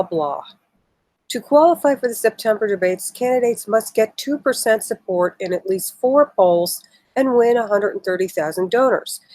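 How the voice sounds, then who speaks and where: A woman's voice: mid-range voice, a little mellow, no echo, rough recording. A woman hosting a casual political live stream, reading news articles aloud with indignant, emotional asides. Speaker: political livestream host.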